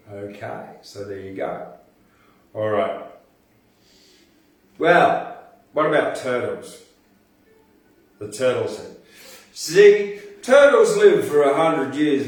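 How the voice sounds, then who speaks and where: A man hosting a relaxed poetry podcast, chatting casually between the poems he reads. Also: mid-range voice. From Australia. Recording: very echoey room, voice far from mic.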